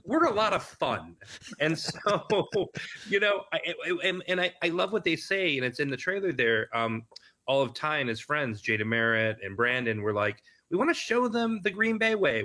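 A man from Wisconsin, a filmmaker guest on a video call, talking eagerly in a casual interview, halting and restarting often. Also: on the high side, lively intonation, pushed and bright.

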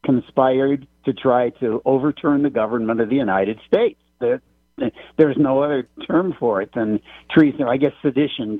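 A man calling in to a talk radio show, speaking haltingly and restarting his sentences. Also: mid-range voice, husky, no echo. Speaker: caller. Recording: tinny phone line.

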